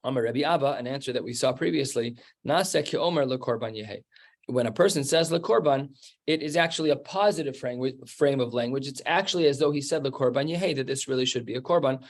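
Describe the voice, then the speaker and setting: A man teaching a Talmud class in a gravelly, creaky voice. He walks through the text step by step, with casual asides. His pitch sits in a plain middle range. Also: fairly quick. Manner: explains step by step in a loose conversational way. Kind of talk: Talmud study lesson.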